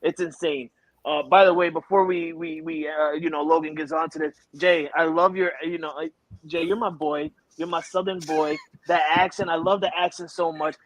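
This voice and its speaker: A man co-hosting a sports prediction show, talking in an excitable, rambling way and laughing easily. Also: on the high side, normal speed, no room sound, poor audio. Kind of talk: animated casual sports banter.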